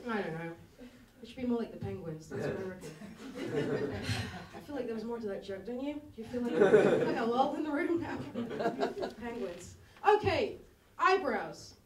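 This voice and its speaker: On a comedy club stage, a woman does a rambling, self-deprecating stand-up routine, frequently laughing at her own jokes. Her higher voice is lively in intonation, at normal speed with long pauses, picked up by a distant mic in an echoey room with a loud crowd.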